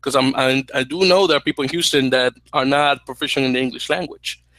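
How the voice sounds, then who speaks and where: Bright-voiced man in casual podcast chat. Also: medium pitch, fast talker, dry recording, poor audio. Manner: animated, self-correcting, mildly annoyed rant. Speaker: podcast co-host.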